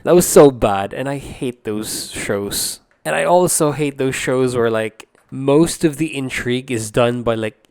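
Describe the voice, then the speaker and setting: A man's voice: mid-range voice, smooth, dry recording. A young man giving a casual spoken review. He rambles, fills his talk with "like," and states his opinions bluntly. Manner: rambling, many "like" fillers, opinionated.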